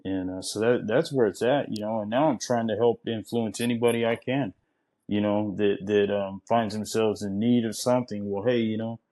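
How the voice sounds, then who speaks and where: A man speaking as a podcast guest, earnest and a little rambling, filling his talk with "you know." His voice is low. His delivery stays flat and even, with little rise or fall. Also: normal speed, low-quality recording. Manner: earnest, repeats himself, fills with you know. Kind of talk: casual chat.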